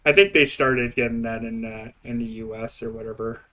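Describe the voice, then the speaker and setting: A man's voice: medium pitch, fairly even intonation, fairly quick, fairly bright tone. A young man with an Eastern Canadian accent, chatting and rambling while he streams a building game, often laughing. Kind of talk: casual gameplay commentary.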